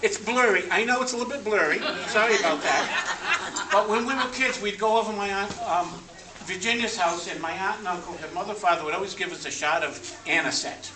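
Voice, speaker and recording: At a family party, a man with a high voice tells jokes fairly quickly in a deadpan way, met with laughter, as he narrates a joking slideshow. Guests sit at tables in the party room. The recording is echoey and noisy, with his voice coming from far off.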